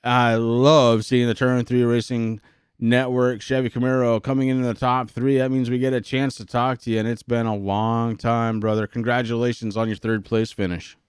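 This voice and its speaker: Breathless excitable man calling a race. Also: mid-range voice, smooth, dry recording. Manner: excitable, fast-shifting, stammering restarts. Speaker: race commentator. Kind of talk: sim racing broadcast commentary.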